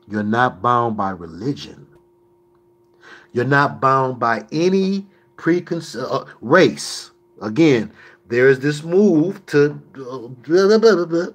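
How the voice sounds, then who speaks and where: A man hosting a livestream, answering viewer questions in an emphatic, preachy way with mocking asides. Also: mid-range voice.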